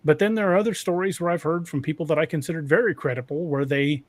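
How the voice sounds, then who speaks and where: A man hosting a casual podcast conversation, halting and often restarting his sentences. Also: a little high, no echo. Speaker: podcast host.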